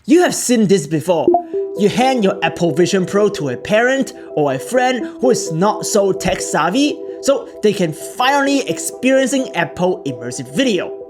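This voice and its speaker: A man's voice: high-pitched, sing-song, normal speed. A man hosting a tech channel, narrating a product tutorial in earnest, explanatory short sentences. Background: background music.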